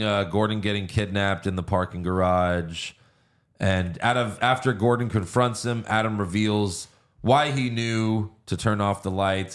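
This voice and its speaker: A man co-hosting a podcast, casually recapping a movie plot with fillers and swearing. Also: low-pitched. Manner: recounts plot with fillers and acted quotes. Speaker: podcast co-host.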